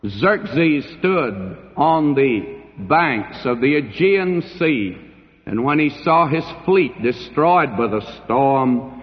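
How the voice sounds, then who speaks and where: A man preaching a sermon as a pastor, slow and deliberate, with dramatic pauses between phrases. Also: medium pitch, expressive. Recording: dull old recording in a hall.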